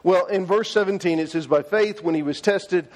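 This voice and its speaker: A man's voice: sits high, moderate pace, long reverb tail. A man preaching a sermon, telling the story in a folksy way with paraphrased dialogue, recorded in a church sanctuary. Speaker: pastor.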